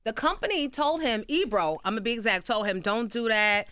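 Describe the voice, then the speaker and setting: A brash, feisty woman radio host speaks bluntly into a studio microphone. Her voice is bright and forceful, smooth and resonant, with a dry, close sound. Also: a little high, expressive, a little fast, no echo. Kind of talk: candid radio talk.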